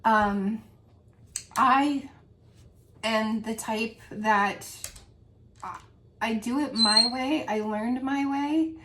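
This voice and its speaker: A woman's voice: fairly high pitch, extremely slow, pauses often, fairly bright tone. A woman vlogger with a grown daughter, talking earnestly and emotionally in a rambling heart-to-heart about selling home fragrance. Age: adult with a grown daughter. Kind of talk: casual heart-to-heart monologue.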